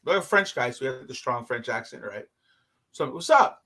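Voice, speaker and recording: A man chatting casually and telling stories, animated and profane, acting out what people said. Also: medium pitch, fairly quick. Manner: animated storyteller, swears a lot, acts out quotes loudly. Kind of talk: casual chat.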